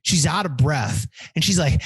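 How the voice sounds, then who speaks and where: This podcast host, a man in his thirties whose voice sits high with no room sound, tells a story casually. He's animated and curses a lot as he acts out the people in it.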